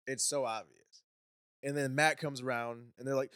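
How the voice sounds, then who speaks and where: A man's voice: mid-range voice, fairly even intonation, normal speed, a bit bright, clear, resonant tone, no room sound, clean studio sound. A young man co-hosting a casual podcast, ranting with profanity and exasperation. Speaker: podcast co-host. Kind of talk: casual crude podcast banter.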